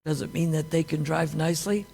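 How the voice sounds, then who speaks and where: Brief: male class speaker, husky and gravelly, asks the room rhetorical questions, long hall reverb. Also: on the high side, steady tone, fairly quick, a little mellow. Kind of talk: scripture class talk. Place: temple hall.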